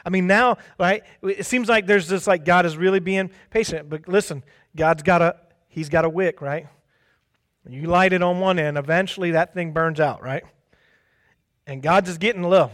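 A man preaching a sermon in a conversational way, often tagging his points with a quick question and acting out quoted speech. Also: high-pitched, a bit bright. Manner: conversational, tags lines with "right?".

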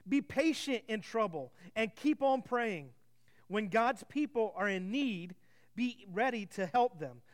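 High-voiced preaching man. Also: animated, a little slow. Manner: preaching with frequent rhetorical questions to the congregation; reads scripture aloud with emphasis. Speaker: pastor. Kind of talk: sermon.

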